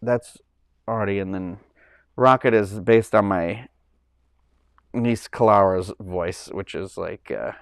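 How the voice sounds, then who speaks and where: Man, livestream host, rambling casual chat, smooth voice, dry close sound. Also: fairly low pitch, slow, pauses often, dry recording. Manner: rambling, full of likes and ums.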